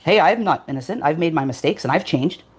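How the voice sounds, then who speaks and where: Low-voiced woman, halting interview answers. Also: animated, slightly rough. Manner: hesitant, with fillers and restarts. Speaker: interview guest.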